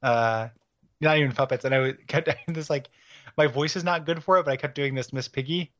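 A man co-hosting a casual podcast chat, rambling fast and laughing often. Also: medium pitch. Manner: laughs often, fast rambling, drops into silly put-on voices. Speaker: podcast co-host. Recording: slightly dull lo-fi sound.

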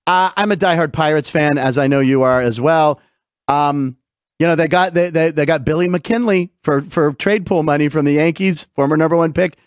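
A man's voice: fairly high pitch, normal speed, clear, resonant tone, no room sound, clean studio sound. A man hosting a casual sports chat, an eager interviewer who laughs often, with a Pittsburgh accent. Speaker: host.

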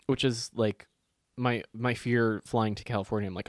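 A man's voice: mid-range voice, fairly even intonation, normal speed, no echo, studio quality. A man, co-hosting a casual chat and telling stories animatedly, swearing freely and acting out other people's lines.

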